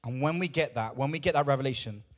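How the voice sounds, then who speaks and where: A man's voice: mid-range voice, fast. A man preaching a sermon in church, emphatic and repetitive, at times out of breath. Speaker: pastor.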